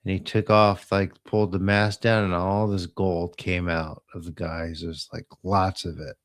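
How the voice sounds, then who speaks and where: Deep-voiced guy slowly rambling through an old tv plot, laid back storytelling. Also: level tone. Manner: slow, meandering retelling with trailing asides. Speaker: host of a live healing stream.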